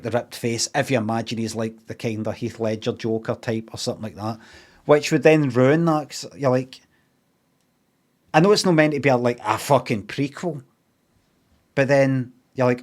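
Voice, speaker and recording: A man with a Scottish accent recapping a film in a casual, rambling way, swearing freely and filling gaps with ums and asides. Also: mid-range voice. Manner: sweary, meandering, with lots of fillers and asides. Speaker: streamer reviewing a film.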